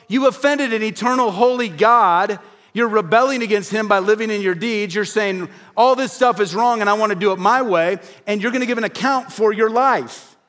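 Man, pastor, sermon, high-pitched, earnest, direct, rhetorical questions. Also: fairly bright tone.

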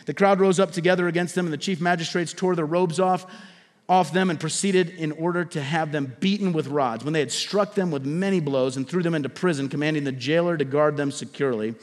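A male pastor delivering a sermon in a church sanctuary. He pushes up to loud, emphatic peaks, then falls back to hushed, intimate asides. His voice sits high and carries a long reverb tail from the hall. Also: brisk. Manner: preaching with swelling emphasis and sudden drops to a hush.

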